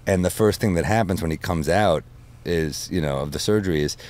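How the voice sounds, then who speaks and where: A man telling animated stories in casual podcast chat, swearing freely. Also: low-pitched, a little fast. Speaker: comedian guest.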